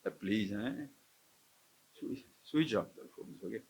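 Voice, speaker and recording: A man's voice: lowish voice, expressive, measured pace, a little mellow, husky. A man, a swami giving a live spiritual discourse to a camp audience, questioning his listeners and chuckling often. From India. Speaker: swami teaching scripture. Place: lecture hall at an ashram camp.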